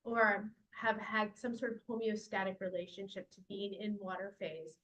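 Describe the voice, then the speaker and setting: A woman lecturing a class, relaxed and thinking aloud, often checking whether listeners follow. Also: mid-range voice, low-quality recording. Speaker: guest lecturer. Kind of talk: lecture with audience questions.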